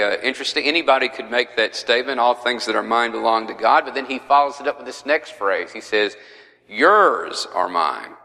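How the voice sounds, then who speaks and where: A man's voice: medium pitch, vocal fry, bright, forceful tone, in a large hall, rough recording. A man teaching a verse-by-verse Bible study in a conversational way, with frequent fillers.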